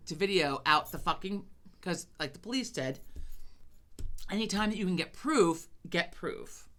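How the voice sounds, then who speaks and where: Low-pitched, foul-mouthed woman chatting. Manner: swears a lot, animated storytelling. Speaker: podcast co-host. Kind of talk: casual chat.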